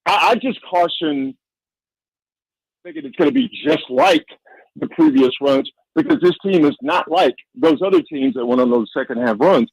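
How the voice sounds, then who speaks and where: A man appearing as a guest football analyst on a sports radio show, talking casually and playfully, getting animated when he jokes. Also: moderate pace, creaky, low-quality recording. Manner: animated, playful, rising pitch when joking. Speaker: NFL insider guest.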